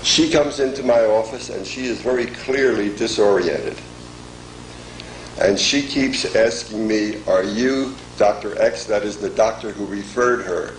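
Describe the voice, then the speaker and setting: An older man delivers a formal lecture at a very unhurried pace, his voice sitting a little low. He measures each phrase and pauses often. The sound is roomy and echoey, with a faint hiss behind it. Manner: measured, deliberate, pausing often. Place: lecture hall.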